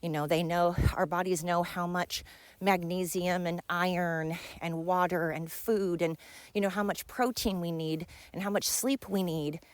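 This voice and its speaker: A young woman, hosting her podcast in a chatty, excitable ramble while out of breath from walking uphill outdoors. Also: lowish voice, unhurried, no echo. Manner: chatty, excitable, says frickin' a lot. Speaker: podcast host. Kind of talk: casual rambling monologue.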